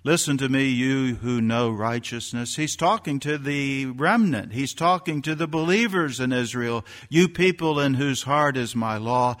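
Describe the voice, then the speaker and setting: A man preaching a sermon, his voice bright and forceful as it swells into emphatic bursts and rhetorical questions. His words ring out with a long reverb, as if carried through a large hall. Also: medium pitch, a little slow, hardly any pauses. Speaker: pastor.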